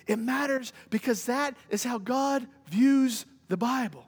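A man's voice: extremely high pitch, a little slow, husky. A male pastor preaching a sermon in a church, emphatic and repetitive, with rhetorical questions. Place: church sanctuary. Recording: long hall reverb.

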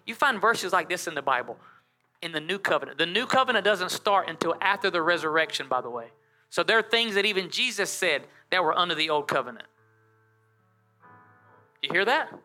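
A male pastor preaching a lively sermon in church, talking straight to the congregation and drawing it into call and response. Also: high-pitched, a little fast, faint music behind.

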